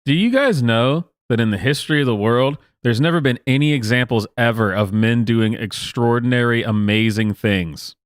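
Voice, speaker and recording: A man's voice: medium pitch, lively intonation, normal speed, few pauses, clear, resonant tone, no echo, clean studio sound. A man hosting a show where he reacts to videos, talking sarcastically and laughing often. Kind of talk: casual reaction commentary.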